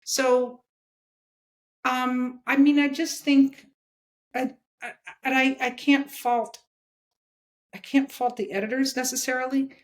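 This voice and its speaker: A woman's voice: high voice, level tone, slow pace, pauses often. A woman talking bluntly and emphatically as a guest in a casual interview, often checking in with "okay?". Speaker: comics editor and guest.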